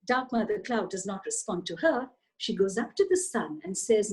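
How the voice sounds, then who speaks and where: A woman author telling a children's story in an animated, expressive way, addressing her listeners directly. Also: medium pitch, normal speed, breathy edge, low-quality recording.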